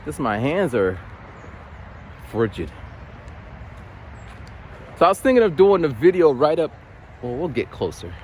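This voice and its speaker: A man vlogging outside in the cold, voice sitting a little high and swinging widely as he talks. His delivery is loose and rambling, full of animated storytelling and stumbling restarts. It is a relaxed, casual chat straight to his audience. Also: a little slow, pauses often, a little hiss or hum. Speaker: vlogger who works lunchroom duty at a school. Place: outdoors in cold weather, near a bridge.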